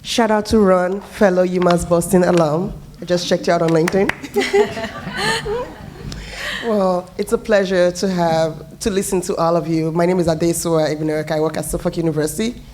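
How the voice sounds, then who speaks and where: A woman's voice: fairly low pitch, fairly even intonation, background noise. Friendly woman asking from the floor. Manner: friendly, quick, addresses panelists by name. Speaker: audience member asking a question. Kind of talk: question from the floor. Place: municipal building meeting room.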